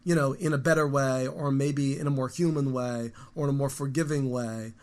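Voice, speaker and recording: A man in his fifties, a guest musician, talking casually in an interview in a rambling, animated storytelling way with frequent restarts. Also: medium pitch, moderate pace. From United States.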